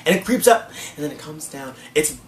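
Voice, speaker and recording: A woman's voice: sits low, lively intonation, a little fast. A trans woman, a drag queen, chatting in a sassy, gushing way in a casual haul vlog. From United States. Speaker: manga collector vlogger. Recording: echoey room, faint ambient noise.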